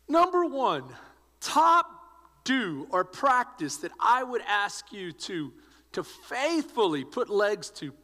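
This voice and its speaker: Male pastor, sermon, high lively delivery, echoey hall. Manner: exhorting, emphatic, rising to shouts. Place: church.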